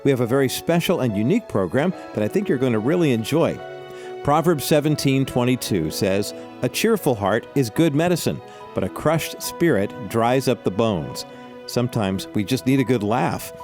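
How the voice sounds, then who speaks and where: A man hosting a radio program, reading a scripted introduction in a smooth, friendly and even way. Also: mid-range voice. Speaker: radio host and announcer.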